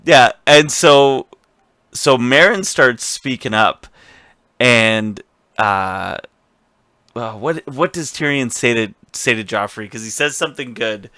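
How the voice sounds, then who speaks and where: Bright-voiced man recapping casually. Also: mid-range voice, animated, slow pace, no echo, clean studio sound. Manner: rambling, swearing, laughs often. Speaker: podcast co-host.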